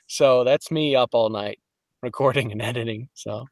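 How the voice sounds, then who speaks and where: A man from Detroit, a voice actor guest on a podcast, telling lively stories in casual chat and slipping into quick voices. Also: mid-range voice, dry recording, clean studio sound. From Detroit, Michigan. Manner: animated storyteller, slips into quick voices.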